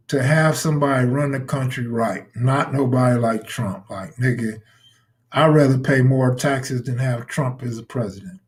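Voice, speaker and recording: On a live stream, a blunt, profane man riffs casually at normal speed in a medium-pitched voice, talking back to chat viewers.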